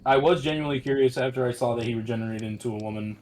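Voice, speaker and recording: A man's voice: medium pitch, racing, darkish tone. A man chatting casually on a gaming stream, rambling and teasing. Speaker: streamer co-host.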